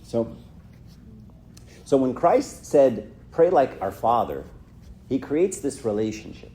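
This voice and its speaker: Taking it slowly, a middle-aged church speaker with a dark, mid-range voice addresses youth in a very animated, conversational talk. He acts out little quotes and keeps asking "right?"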